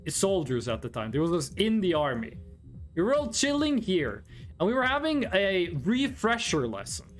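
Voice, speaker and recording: A young adult streamer chatting casually, telling rambling stories and swearing freely. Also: mid-range voice. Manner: rambling, animated storytelling, swearing. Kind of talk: casual chat with chat readers.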